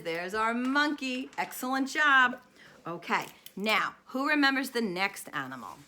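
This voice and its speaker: A woman speech teacher reviewing a storybook with young children. She speaks in an animated, sing-song way, gasping and pausing for their answers. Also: mid-range voice.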